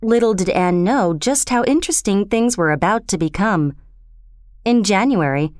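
A woman narrating a children's storybook in a steady, gentle, expressive reading. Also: mid-range voice, smooth, dry recording, studio quality.

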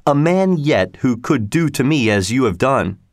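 A man's voice: medium pitch, sing-song, normal speed, no room sound, clean studio sound, close to an everyday voice. Robin, a man voicing a bold, hearty outlaw chief. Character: cheerful bold male outlaw leader.

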